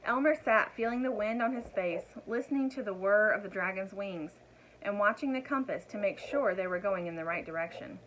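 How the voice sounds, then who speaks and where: A woman reading a picture book aloud to children in an expressive voice, turning to her young listeners with asides. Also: mid-range voice, fairly quick, a little hiss or hum, low-quality recording. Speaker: storyteller.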